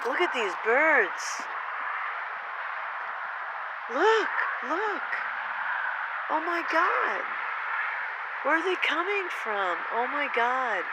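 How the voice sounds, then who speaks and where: A woman filming outdoors on a phone, giving an excited, breathless running commentary and exclaiming over and over. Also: high voice, drawn-out words, pauses often, heavy background noise. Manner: breathless, exclaiming, repeating herself. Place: outdoors in the cold.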